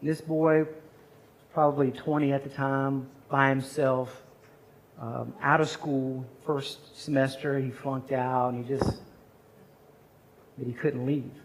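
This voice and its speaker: A man's voice: mid-range voice, fairly even intonation, slow pace, long pauses, poor audio. A man in his forties preaching at a chapel service, telling a personal story and acting out the voices of the people in it. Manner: storytelling, acts out quoted voices. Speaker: chapel speaker. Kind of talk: sermon story.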